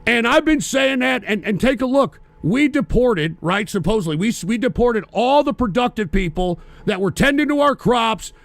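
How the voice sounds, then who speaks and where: A man with a high, gravelly voice rants into a close mic on his own stream, swearing constantly and snapping at donors between points. His voice jumps into shouts and then drops low and muttering. The sound is dry, with no room around it. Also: lively intonation, normal speed, few pauses, no echo. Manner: profane, ranting, frequently shouting. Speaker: livestream host. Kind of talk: angry political rant, reading donations.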